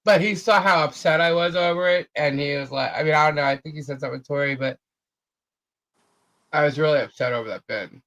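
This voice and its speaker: A woman's voice: sits low, quick pace, fairly bright tone, low-quality recording. A woman co-hosting a live chat show, telling a long story in a rambling way, full of fillers and repeated phrases.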